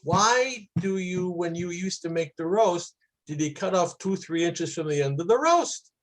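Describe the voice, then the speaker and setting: A man's voice: high voice, expressive, unhurried, pitched above the performer's own voice. A curious young husband coaxes an answer out of an older relative in a slightly raised voice. A man plays him while telling a story. The delivery stays close to a normal speaking voice. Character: curious young husband questioning his grandmother-in-law.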